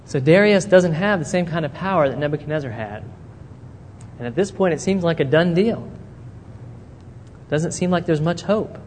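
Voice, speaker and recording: In a hall with long reverb and a faint noise floor, a man delivers a sermon, his voice on the high side, normal in speed, broken by long pauses. He tells a Bible story with animation, performing each character's quoted words.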